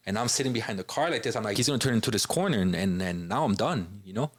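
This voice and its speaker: Casual, low-voiced man telling his story. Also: expressive, quick pace, husky, no echo. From Chicago. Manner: informal, many fillers like "you know" and "bro". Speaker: podcast guest.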